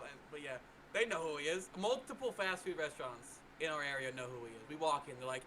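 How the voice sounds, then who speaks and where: A casual podcast co-host, a man whose voice sits a touch high and sounds bright and forward. He rambles through everyday stories, filling them with "like" and putting on quick voices for the people he quotes. A faint hum of ambience sits under the recording. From North Carolina. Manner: rambling storyteller, lots of "like", does excited voices for people he quotes. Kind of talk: casual chat.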